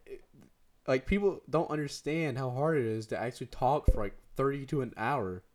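A man's voice: mid-range voice, moderate pace, a little mellow. A teenage boy co-hosting a podcast, chatting casually with a friend, slangy and rambling, laughing often. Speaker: podcast co-host. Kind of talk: casual chat between friends.

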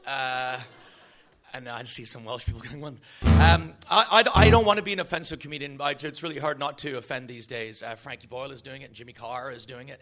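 A man doing stand-up, then belting a comic song, boisterous and shouting at times. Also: medium pitch. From Scotland, raised in Canada. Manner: boisterous, shouting and singing with guitar. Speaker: stand-up comedian and singer. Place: festival stage. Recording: live music over the voice.

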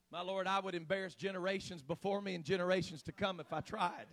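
A man preaching a sermon in church, dropping into low, chatty asides and rising to loud, shouted exhortation. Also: steady tone. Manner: swings from low conversational talk to shouted, drawn-out exhortation.

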